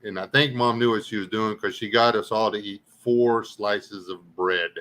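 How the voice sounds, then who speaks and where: A man's voice: lowish voice, fairly even intonation, normal speed, fairly bright tone, a little hiss or hum, poor audio. A middle-aged man from Louisiana with a Southern accent, hosting a casual chat and telling rambling, folksy stories with frequent laughter. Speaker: host.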